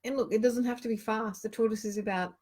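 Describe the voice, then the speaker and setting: A woman's voice: on the high side, steady tone, quick pace, dark tone. A woman casually chatting and reading cards aloud on a live stream, giggling often. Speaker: card reader hosting a live show.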